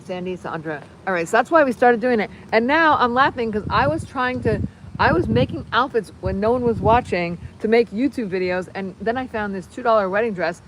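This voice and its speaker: A woman in her fifties hosting a casual livestream, reading viewer comments in a rambling, excitable way with many fillers and restarts. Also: fairly high pitch, a little fast, slight background noise. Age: 50s. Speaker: livestream host.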